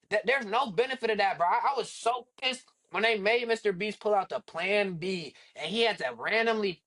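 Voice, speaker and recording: A man co-hosting a casual reaction podcast, talking in a relaxed, slangy way and saying "bro" a lot. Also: high voice. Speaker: podcast co-host.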